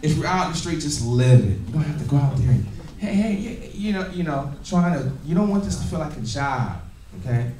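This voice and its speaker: A high-voiced man leads a lively business training, laughing and drawing answers from his listeners. His voice carries through an echoey meeting room and sounds distant from the mic. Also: fairly quick, a little hiss or hum. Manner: energetic, laughing, call-and-response with audience. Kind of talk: motivational training talk. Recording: echoey room, recorded from afar.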